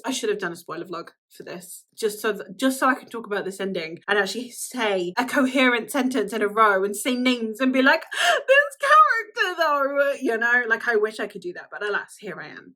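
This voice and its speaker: Bright-voiced woman gushing about books. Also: medium pitch. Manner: gushing, animated, swearing casually. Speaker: book vlogger. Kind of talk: casual reading vlog chat.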